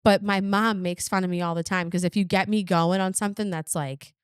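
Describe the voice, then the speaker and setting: Chatty Boston woman with a smooth voice. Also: mid-range voice, fairly even intonation, brisk, no room sound, studio quality. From Boston area. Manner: chatty, rambling with many restarts. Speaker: podcast host. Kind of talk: casual podcast chat.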